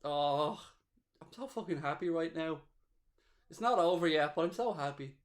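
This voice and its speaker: A man's voice: fairly high pitch, normal speed. A man hosting a live football watchalong, cheering, gloating and reading out viewer messages. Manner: excitable, cheering and gloating, reading chat aloud. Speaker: watchalong host. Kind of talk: live match watchalong commentary.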